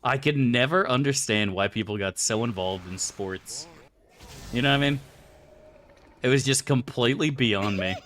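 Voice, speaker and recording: A man's voice: medium pitch, moderate pace, fairly bright tone, slight background noise. A man streaming a game, chatting loosely with his viewers and swearing freely. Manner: loose and rambling, swears freely, answers chat aloud. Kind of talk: casual live-stream chat.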